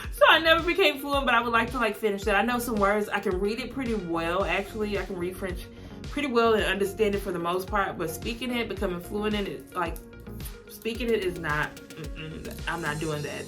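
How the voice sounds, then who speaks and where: A woman's voice: medium pitch, brisk, fairly bright tone, faint music behind. A young woman with a Southern American accent, rambling casually through a get-to-know-me video, with lots of "like" and frequent laughs. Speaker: vlogger.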